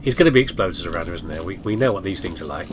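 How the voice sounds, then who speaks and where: A man's voice: low voice, expressive, racing, music in the background. A man giving casual, self-mocking commentary while playing a video game, chatting to his viewers and to the objects on screen. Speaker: let's play gamer.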